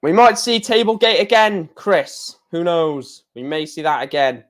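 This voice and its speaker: A young man from England riffs through a live darts watchalong stream, excitable and rambling, with the odd mild curse. His voice sits a little high for a man. He hops from match updates to loose asides. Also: a little slow. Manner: chatty, excitable, swears mildly, rambling asides. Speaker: livestream host. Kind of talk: casual darts watchalong commentary.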